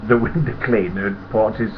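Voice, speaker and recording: A lo-fi, muffled recording with heavy hiss captures an older storyteller with a Nottingham accent. He speaks in a lowish voice, a little slowly, chuckling and swearing freely through casual, meandering anecdotes.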